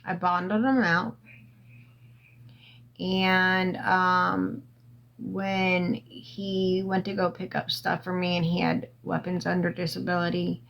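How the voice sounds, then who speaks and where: Slow, rambling woman livestreaming on her phone. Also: lowish voice, little pitch movement, creaky, fairly bright tone, rough recording. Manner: rambling, halting with many fillers, profane. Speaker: livestream host. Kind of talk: casual livestream storytelling.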